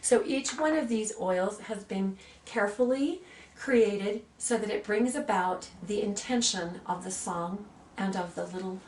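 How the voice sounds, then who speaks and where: A woman in her sixties, an aromatherapy practitioner, who gently demonstrates oils and tells personal stories in a soft, earnest way. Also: medium pitch. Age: 60s. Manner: soft, earnest, reads blessings slowly. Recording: roomy sound from a distant mic, faint ambience.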